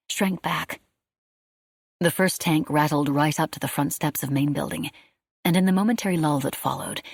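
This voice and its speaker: A woman reading a wartime novel aloud as an audiobook, in a steady, measured storytelling manner. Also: deep voice, gravelly, breathy edge, dry recording, clean studio sound. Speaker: audiobook narrator. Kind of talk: scripted audiobook narration.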